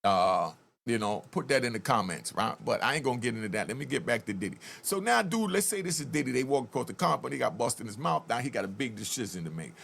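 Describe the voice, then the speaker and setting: A man who served time, talking straight to viewers in an animated, casual way as he comments on a video and tells prison stories. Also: medium pitch, quick pace, creaky, a little hiss or hum.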